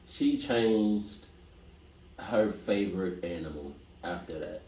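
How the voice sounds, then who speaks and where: A man reacting to scary stories in casual slangy commentary with loud animated outbursts. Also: deep voice, takes it slowly. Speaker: reaction streamer. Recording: distant roomy mic with faint noise.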